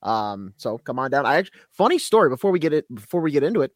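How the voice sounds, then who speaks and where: A man's voice: mid-range voice, big pitch swings, quick pace, no echo, studio quality. A man co-hosting a sports talk podcast, a chatty storyteller who laughs easily. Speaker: podcast co-host.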